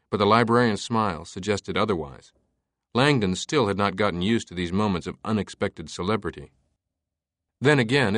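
A man narrating an audiobook in a measured, even way. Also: on the low side, no echo, clean studio sound. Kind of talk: scripted narration.

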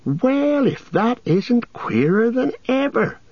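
Hearty rustic hobbit farmer, loud and swooping; male reader doing the voice, husky tone. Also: medium pitch, big pitch swings, a little slow, no echo, lo-fi sound, heavily acted. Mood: astonished. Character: gruff country hobbit farmer, suspicious then hearty.

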